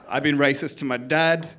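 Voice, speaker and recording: A young Australian man in his twenties from Canberra doing a deadpan open-mic stand-up set on a comedy club stage. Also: a little high. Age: 20s. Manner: deadpan, drops into put-on voices for his dad.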